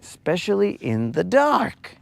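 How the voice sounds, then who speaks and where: A man's voice: sits high, huge pitch swings, unhurried, gravelly. A man hosting a casual fishing vlog from a boat at night, joking around and talking to viewers like his bros. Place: outdoors on a boat at a lake at night.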